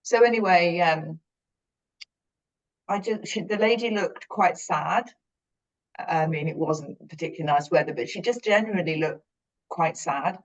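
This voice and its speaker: A woman's voice: on the low side, a little slow, pauses often, muffled recording. A British woman on a podcast, reflectively telling a personal story in a rambling, earnest way that often corrects itself. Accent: British English. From Britain.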